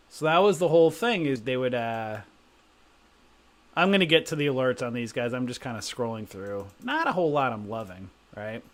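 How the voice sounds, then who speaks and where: A middle-aged man hosting a live stream, telling rambling anecdotes in casual chat and often asking "right?". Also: medium pitch. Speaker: stock trading stream host.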